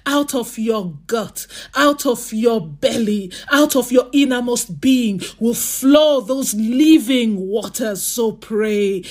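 A woman preacher leading a congregation in prayer, repeating and drawing out her prayer phrases. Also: a little high. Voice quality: drawn-out, repetitive prayer phrases. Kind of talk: sermon and led prayer.

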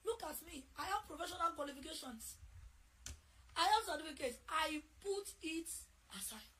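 A woman preaching and praying fervently, swinging between loud chanted prayer and quick, conversational exhortation to her congregation. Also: sits high, lively intonation. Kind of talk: sermon with prayer.

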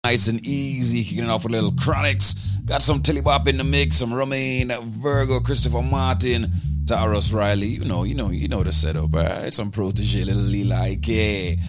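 A man's voice: medium pitch, steady tone. Upbeat male radio DJ over music. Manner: upbeat, quick banter. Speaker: radio DJ host. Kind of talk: morning radio show patter. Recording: music under the voice.

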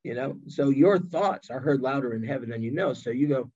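A man who is a guest on a podcast, telling stories in an animated way and acting out the voices of the people he quotes. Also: medium pitch, fast talker, hardly any pauses, muffled recording. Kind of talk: storytelling in an interview chat.

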